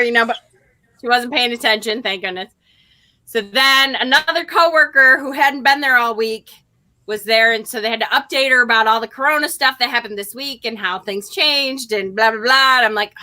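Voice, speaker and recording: Middle-aged female vlog host, bright slightly high voice, chatty storyteller who laughs a lot. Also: moderate pace. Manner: chatty, laughs often while telling. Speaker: vlog host, tarot reader. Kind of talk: casual storytelling.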